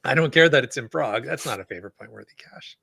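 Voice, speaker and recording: A man co-hosting a casual podcast, musing out loud with restarts and little chuckles. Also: mid-range voice, expressive, fast talker, gravelly, husky, no echo. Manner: rambling, chuckles mid-sentence, restarts. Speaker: podcast co-host.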